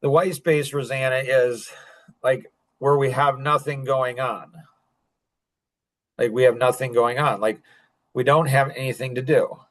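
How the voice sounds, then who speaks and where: Speaking at a measured pace with a steady tone and long pauses, a medium-pitched male podcast host rambles casually. His talk is sprinkled with chuckles and heavy use of "like."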